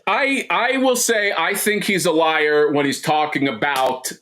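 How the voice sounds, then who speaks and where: A man's voice: fairly high pitch, measured pace, pushed and bright. A man co-hosting a casual livestream chat, rambling and joking with lots of restarts and fillers. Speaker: co-host.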